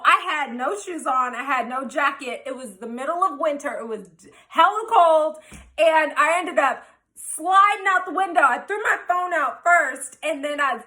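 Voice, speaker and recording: A woman telling a wild personal story in a casual, animated, profane way, acting out what everyone said. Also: high voice. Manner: animated, profane, quoting herself.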